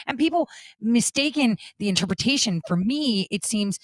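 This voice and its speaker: A woman's voice: on the high side, expressive, normal speed, dry recording. A woman hosting a political talk show, speaking in an earnest, conversational way with casual fillers.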